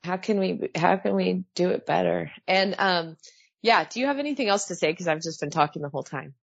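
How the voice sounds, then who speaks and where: A woman in her thirties talks fast and animatedly on a podcast, breaking into laughter and quoting people in put-on voices. Her voice sits a little low. The sound is dry and a bit dull, close-miked. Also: vocal fry, no echo. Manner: animated, laughing, mimics others in quoted voices. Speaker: podcast co-host, pilot. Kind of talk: casual podcast chat.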